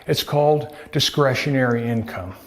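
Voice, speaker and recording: A man who is a doctor talks straight to camera in a prepared health talk. His voice sits at an ordinary middle pitch. His tone is folksy, and he keeps throwing rhetorical questions at the listener. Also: normal speed. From United States. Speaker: doctor presenting a health video.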